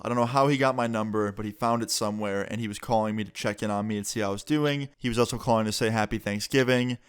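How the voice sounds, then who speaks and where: Smooth-voiced young man telling a story. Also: on the low side. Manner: animated, profane, acts out quoted dialogue. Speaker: storytime vlogger. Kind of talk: casual storytelling.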